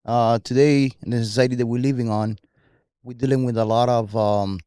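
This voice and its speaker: A man in casual podcast chat speaking earnestly and clearing his throat between thoughts. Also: mid-range voice, steady tone, moderate pace, mellow, dry recording, clean studio sound.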